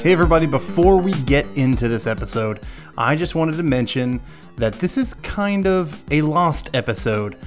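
A man with a fairly high voice hosts a laid-back podcast. He rambles in a jokey way and laughs often, with faint music in the background. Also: expressive, normal speed. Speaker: podcast host. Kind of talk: casual podcast chat.

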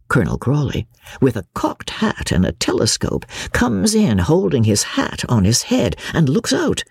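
A woman reads a classic novel aloud in a close, dry studio sound. Her pitch swoops widely as she lifts her voice for quoted characters. Her tone has a soft husk to it. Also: breathy edge, no echo. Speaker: audiobook narrator. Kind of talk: classic novel audiobook reading.

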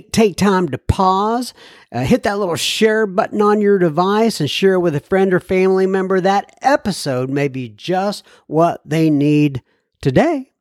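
A chatty man hosting a podcast, with a fairly high voice, laughing as he reads listener messages. The sound is dry and close, with no room around it. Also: a little mellow, no echo. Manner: chatty, laughs often, plays with a put-on French accent. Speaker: podcast host. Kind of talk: casual podcast talk and listener mail reading.

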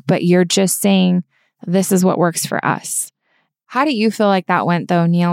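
A woman's voice: lowish voice, darkish tone, no echo, studio quality. A woman co-hosting a podcast, talking earnestly and encouragingly through examples in casual conversation. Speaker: podcast co-host.

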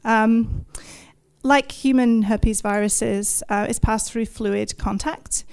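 A woman in her thirties tells an audience a vivid, self-deprecating personal story in the first person and present tense, breaking into bursts of laughter. Her voice is fairly high, with fairly even intonation and a slow pace, gravelly yet a little mellow, with a clear, resonant tone.

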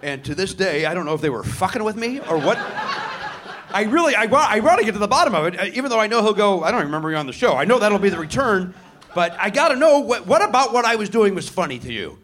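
A man's voice: high voice, big pitch swings, quick pace, fairly bright tone. A man hosting a live comedy podcast on a theater stage, riffing sarcastically and mocking himself. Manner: sarcastic, self-deprecating riffing with crowd. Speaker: podcast host.

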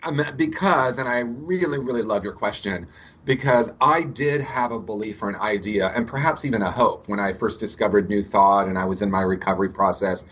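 A man talks in a relaxed interview with a low, husky voice. He sounds reflective and tells spiritual stories. The recording sounds dull and lo-fi. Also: fairly quick. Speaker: guest, addiction recovery teacher. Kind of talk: conversational interview.

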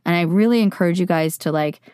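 A voice actor from California speaks earnestly and openly to her viewers in a candid personal monologue, casual and filler-heavy with lots of "like" and mild swearing, reflective and emotionally open. Her voice is on the low side, dark, clear and resonant, and quick-paced, recorded in a clean studio with no echo.

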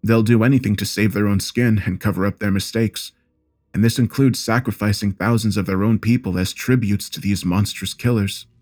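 A man narrating a first-person horror story in a steady, grave manner. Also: lowish voice, moderate pace.

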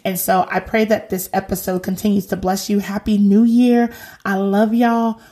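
A woman in her thirties hosting a faith podcast, talking in a lively, slangy, encouraging way. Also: mid-range voice, normal speed. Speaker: podcast host. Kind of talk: casual faith talk.

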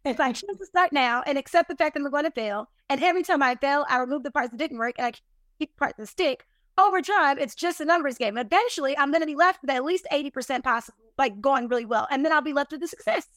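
A woman guest on a podcast, telling her business lessons in an animated, emphatic, self-deprecating way. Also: high-pitched, fast talker, dry recording, studio quality. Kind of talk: casual interview storytelling.

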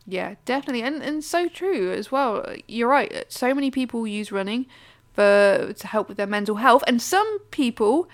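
A woman co-hosting a casual podcast, chatty and quick to laugh, with animated asides. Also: a little high. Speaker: podcast co-host.

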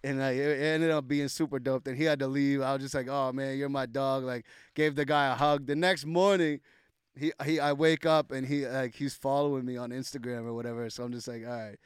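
A young man with an everyday mid-range voice, recorded close and dry with no room sound. He tells his stories in a loose, animated way, acting out what people said and stacking up fillers. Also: medium pitch, a little fast, clean tone, no echo. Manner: animated, loose storytelling full of "like" and acted-out quotes. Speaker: guest rapper. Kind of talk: casual podcast storytelling.

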